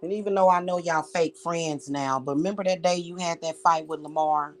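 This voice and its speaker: Speaking briskly in a steady tone, a woman vlogger with a voice on the low side rants angrily and profanely straight at someone, repeating herself as she talks.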